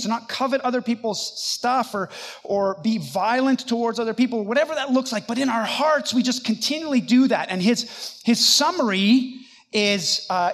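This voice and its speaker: A man's voice: extremely high pitch, fairly bright tone. A man preaching a sermon, earnest and conversational, acting out scripture passages with feeling. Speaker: pastor.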